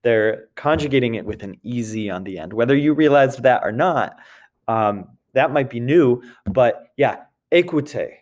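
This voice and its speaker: A man at a middle pitch explains grammar step by step to his students. He talks patiently, goes over each point more than once and keeps checking that they follow. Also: darkish tone. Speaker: French teacher. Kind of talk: recorded classroom grammar lesson.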